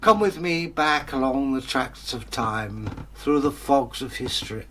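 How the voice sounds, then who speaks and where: A filthy, poor tramp who speaks in a low, glum grumble, self-deprecating and a bit cheeky, as a man puts him on. He sounds humble in a storybook tale told aloud. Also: expressive, unhurried, noisy background, lightly acted.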